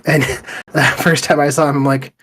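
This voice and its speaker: A man's voice: on the high side, normal speed, slightly rough. A middle-aged man co-hosting a podcast, chatting casually and telling stories with plenty of swearing. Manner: relaxed storytelling, swears often. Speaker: podcast co-host. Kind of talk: casual chat.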